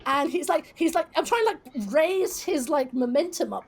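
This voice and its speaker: Woman host, high and bright-toned, chatty storyteller with salty language. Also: normal speed. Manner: lively storyteller who swears freely. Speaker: podcast host. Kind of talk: casual chat.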